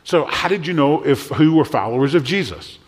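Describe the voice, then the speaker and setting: A male pastor preaching a sermon in a church, animated, often acting out the voices he quotes and repeating words as he goes. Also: on the high side, moderate pace. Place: church sanctuary. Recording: long hall reverb.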